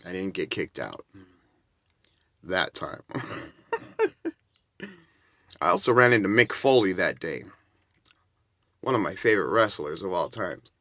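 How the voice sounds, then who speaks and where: A man in his forties spins loose, rambling anecdotes, chuckling between the beats. His voice sits low but has a bright, sharp edge. The delivery is casual and unpolished. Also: lively intonation, a little slow, long pauses, no echo. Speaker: storyteller.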